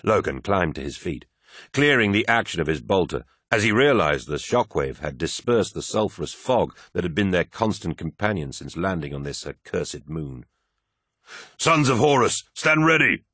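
A man narrating a dramatic action story with steady storytelling. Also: low-pitched, moderate pace, breathy edge, no room sound, clean studio sound. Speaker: audiobook narrator. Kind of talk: scripted narration.

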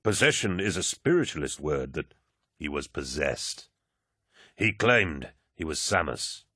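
A man voicing a giant male warrior, speaking gravely and in a measured, low way, as an audiobook character voice. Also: sing-song, pushed and bright, no echo, clean studio sound, full character voice.

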